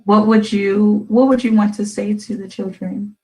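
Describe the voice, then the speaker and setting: A woman hosting a radio show, chatting gently and playfully with her young daughter and teasing her with questions. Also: medium pitch, fairly even intonation, normal speed, poor audio.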